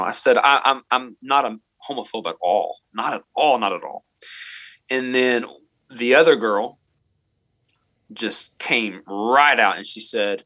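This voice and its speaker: A man's voice: on the low side, slow, pushed and bright, dry recording. A man, a middle school teacher, earnestly telling a personal story in an interview and quoting what he and others said.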